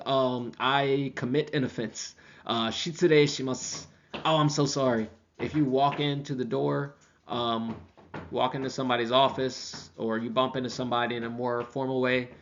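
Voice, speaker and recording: A man teaching a language class, casually explaining and slowing down to repeat example phrases. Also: medium pitch, lo-fi sound.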